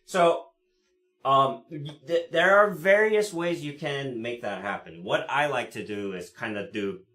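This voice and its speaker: Slow-talking male cello teacher. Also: mid-range voice. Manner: relaxed explaining, many fillers and "right?" checks. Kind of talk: live online music lesson. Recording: roomy sound with cello playing. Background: cello playing between phrases.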